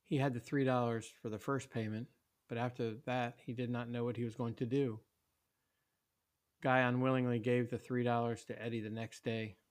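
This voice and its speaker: A man reading a story aloud in a steady, plain way, with small slips. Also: medium pitch, normal speed. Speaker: narrator.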